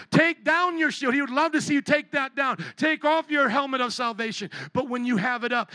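A man preaching a sermon to his church as pastor, impassioned, rising to shouts and dropping low. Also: no echo. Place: church sanctuary.

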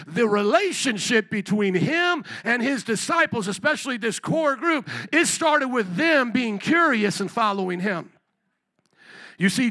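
A man preaching a sermon in a relaxed, conversational way, acting out the people he quotes and building up to shouts. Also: extremely high pitch, dry recording. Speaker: pastor. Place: church service.

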